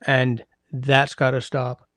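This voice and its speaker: A man's voice: medium pitch, monotone, slow, fairly bright tone, no echo. A man hosting a casual livestream, reading viewer comments aloud and rambling with wry asides in a chatty way. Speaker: livestream host reading chat.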